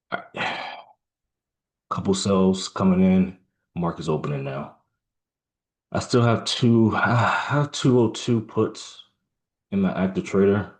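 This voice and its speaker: A man giving halting live trading commentary, musing aloud with many fillers and restarts, sounding tired. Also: low-pitched. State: yawning, tired. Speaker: trader.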